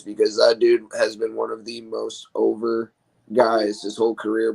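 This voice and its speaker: A man who wrestles, talking casually and excitedly about his favorite matches as a guest on a stream. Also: lowish voice, creaky, poor audio. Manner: rambling, excitable fan talk. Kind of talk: casual podcast chat. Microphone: remote call mic.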